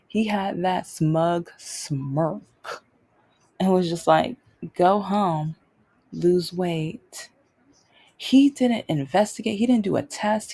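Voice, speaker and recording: A woman's voice: mid-range voice, mellow, slightly rough. A young adult woman hosting her own show, telling a personal story off the cuff and repeating phrases for emphasis. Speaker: podcast host.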